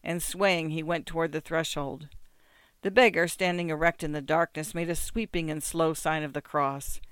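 A man narrating a classic story in an expressive, measured reading. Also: on the high side, clean tone, no echo.

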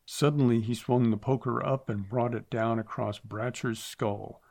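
A man reading a western novel aloud in a measured, steady narration. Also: medium pitch, vocal fry. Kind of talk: audiobook narration.

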